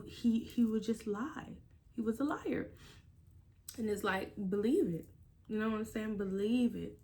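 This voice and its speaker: A woman vlogger telling a personal story and giving blunt relationship advice, with emphatic, animated delivery and plenty of swearing. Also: medium pitch. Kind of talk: casual storytelling vlog.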